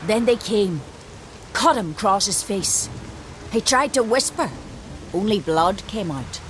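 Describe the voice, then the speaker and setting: A woman's voice: medium pitch, expressive, unhurried, fairly bright tone, slight background noise. An actress voicing a grieving village woman who plainly recounts an attack in video game dialogue. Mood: haunted. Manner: plain-spoken, haunted.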